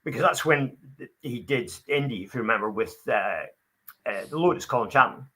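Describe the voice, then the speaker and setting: A man asking quiz questions in casual chat, halting, with many fillers. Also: medium pitch, bright, forceful tone, slightly rough. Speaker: quiz master.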